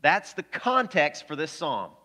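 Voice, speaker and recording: Bright-voiced pastor preaching with energy. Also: male voice, on the high side, unhurried. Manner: energetic, conversational preaching with questions to the congregation. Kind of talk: sermon.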